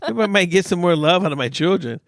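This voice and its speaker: A man, a priest and podcast co-host, telling stories in a joking, animated way in casual chat. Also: sits high, fast, no echo, clean studio sound.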